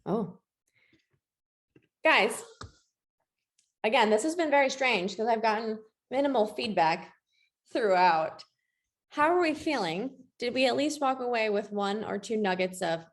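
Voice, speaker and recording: A woman's voice: a little high, animated, measured pace, long pauses. A woman presenting a webinar in a casual, chatty way, often saying "like" and keeping an upbeat tone.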